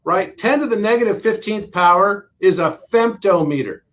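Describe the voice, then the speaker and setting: A man's voice: sits high, lively intonation, moderate pace, fairly bright tone. A middle-aged man in casual conversation as a podcast guest, eagerly explaining number patterns with emphatic repeats and laughs.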